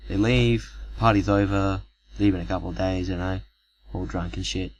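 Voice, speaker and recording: A young man with a lowish voice tells a made-up story, wandering off on casual, profane tangents. He speaks loosely, with plenty of asides. The sound comes from a cheap home microphone. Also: steady tone, moderate pace, dry recording, poor audio. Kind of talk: rambling improvised storytelling.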